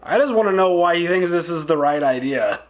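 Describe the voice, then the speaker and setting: A man's voice: fairly high pitch, animated, fairly quick, slight background noise. A man co-hosting a reaction video, talking in a laid-back, slangy way. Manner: laid-back, slangy, says dude a lot. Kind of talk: casual reaction commentary.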